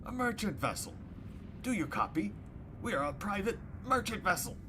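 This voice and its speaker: A man voicing panicked male spaceship crewmen in a video game, shouting in a high, frantic voice over loud background noise. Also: sing-song, normal speed.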